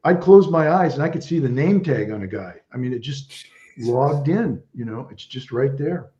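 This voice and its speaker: A man's voice: mid-range voice, expressive, normal speed, warm tone, muffled recording. A man in his seventies, a veteran guest, telling stories in a rambling casual chat. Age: 70s. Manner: rambling storyteller, restarts often. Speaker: guest, Vietnam veteran and author.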